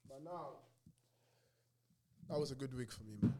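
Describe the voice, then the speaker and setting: A man's voice: mid-range voice, moderate pace, very noisy. A man, co-hosting a podcast, laid-back and joking. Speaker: podcast co-host. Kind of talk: casual banter.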